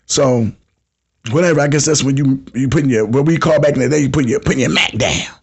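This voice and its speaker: This American podcast host in his fifties runs a casual call-in show, telling stories in heavy slang and acting out the people he quotes. His mid-range voice is slightly rough and fairly quick.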